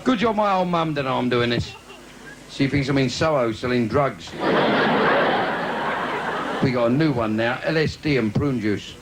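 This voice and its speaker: A man doing bawdy stand-up cabaret patter on a theatre stage, with sudden squeaky asides. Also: lively intonation, moderate pace, pauses often. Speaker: stand-up comedian. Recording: noisy 1980s live video.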